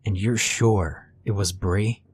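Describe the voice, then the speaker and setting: Guy doing a mumbly low detective, slow, husky, tired and wary. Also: fairly even intonation, slight background noise. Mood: blunt. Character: weary, wary middle-aged male detective.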